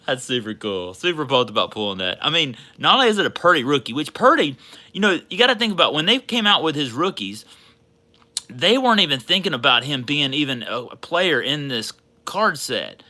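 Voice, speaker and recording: A man hosting a sports card livestream, chatting casually and getting loudly excited over his pulls. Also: on the high side, fairly quick. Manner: excitable, hollering and laughing over a big pull.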